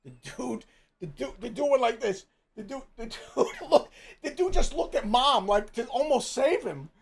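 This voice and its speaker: A man's voice: very high voice, lively intonation, moderate pace, vocal fry. A middle-aged man from Jersey City with a New Jersey accent, telling a profane story in casual chat, full of stammering restarts. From Jersey City, USA. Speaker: streamer host.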